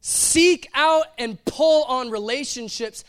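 High-voiced animated male preacher. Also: slow pace, clean tone. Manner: animated, playful preaching with acted-out quotes. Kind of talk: sermon.

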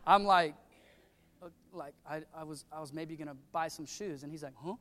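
Guy pastor preaching, high voice, telling funny stories, big echoey church. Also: moderate pace, fairly bright tone, a little hiss or hum. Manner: storytelling with self-deprecating humor. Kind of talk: sermon. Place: church sanctuary.

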